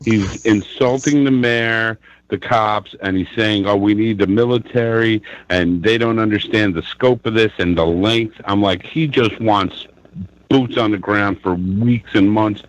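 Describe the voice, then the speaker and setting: A man's voice: fairly low pitch, measured pace, dull audio. A man calling into a live show, ranting angrily with lots of swearing and bursts of laughter. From New York, US. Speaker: caller. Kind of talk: casual call-in chat.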